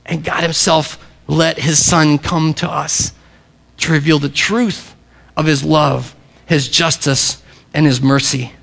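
Gravelly-voiced man preaching a sermon. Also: on the high side, steady tone, takes it slowly, fairly bright tone. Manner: earnest preaching, repeats key phrases, varies pace for emphasis. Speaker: pastor.

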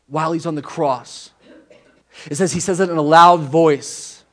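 With a steady tone and a measured pace, a male pastor whose voice is on the high side preaches at church. The sermon feels conversational, by turns emphatic and hushed.

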